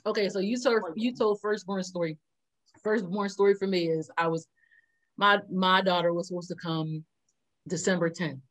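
A woman's voice: on the low side, normal speed. A woman co-hosting a casual chat, telling a story with lots of laughter and acted-out quotes. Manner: animated, laughs often, acts out quotes. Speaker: co-host.

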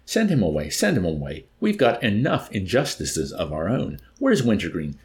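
A man's voice: low voice, wildly swooping pitch, normal speed, darkish tone, exaggerated voice. A man reading aloud and voicing a vain, panicky male army general who wails and whines. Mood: panicked. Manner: wailing, whiny.

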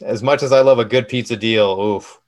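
A man's voice: mid-range voice, moderate pace, darkish tone. A man co-hosting a podcast in casual chat, dropping dry joking asides. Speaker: podcast co-host.

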